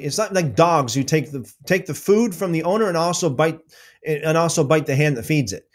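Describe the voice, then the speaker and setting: A man giving an animated religious talk, answering viewer questions with emphatic repetition and loud exclamations. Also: medium pitch. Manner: emphatic, repeats words, swings into loud exclamations.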